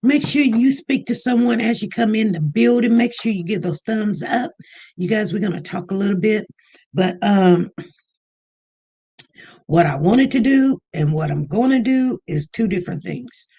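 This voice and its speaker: A livestream host in casual chat, greeting viewers one by one by name in an easygoing, unhurried way and inviting them to call in. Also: medium pitch, mellow, husky.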